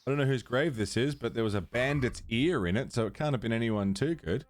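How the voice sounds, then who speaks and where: A man's voice: medium pitch, expressive, a little fast. A man streaming a game live, chatting casually with his viewers and fussing at his cat as he plays. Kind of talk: casual livestream chat.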